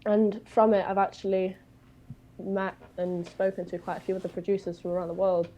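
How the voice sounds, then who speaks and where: A woman's voice: medium pitch, little pitch movement, fairly quick, mellow, low-quality recording. A woman with a British accent, a guest singer chatting casually on a video call and telling a long story with plenty of fillers. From Britain. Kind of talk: casual chat.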